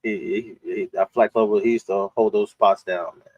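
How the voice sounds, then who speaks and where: A man's voice: lowish voice, fairly even intonation, moderate pace, a little mellow, no room sound, lo-fi sound. Laid-back man from New York, dry sound. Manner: laid-back storyteller, laughs easily. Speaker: podcast host. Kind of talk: casual chat.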